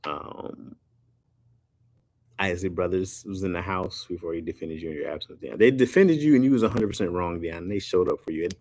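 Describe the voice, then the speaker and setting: Deep gravelly man chatting live. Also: normal speed, darkish tone, no room sound. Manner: loose and joking, slangy, often laughing. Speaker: live-stream host. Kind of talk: casual live-stream chat, reacting to viewer comments.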